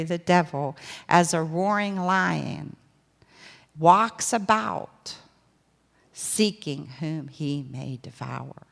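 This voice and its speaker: A woman preaching a sermon in a lively, conversational way, acting out little dialogues as she goes. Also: on the low side, gravelly, big-room sound.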